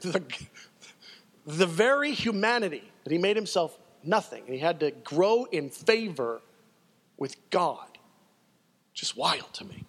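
A male pastor preaching in an emphatic, conversational style and repeating phrases for effect. His voice is fairly high and swings widely in pitch. The sound carries a long reverb from a church hall. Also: big pitch swings, unhurried, pauses often, fairly bright tone. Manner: emphatic and conversational, with frequent repetition. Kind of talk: sermon.

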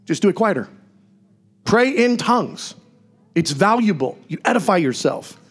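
A man preaching from the pulpit with a high, bright-pitched voice that swings widely up and down. He talks to the congregation like a conversation, full of asides and quick questions. The delivery is a lively sermon in a church. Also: husky. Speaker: pastor.

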